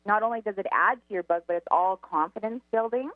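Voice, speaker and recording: A woman's voice: medium pitch, quick pace, no room sound. A woman working as a psychic medium co-host, doing a call-in radio reading in a bubbly way with frequent laughter. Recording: tinny phone line.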